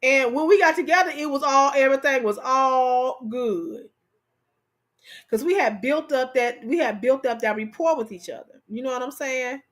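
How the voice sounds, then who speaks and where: Talking directly to her viewers, this livestream host keeps things casual at a moderate pace. Her high voice stays lively and playful, with laughter running through it.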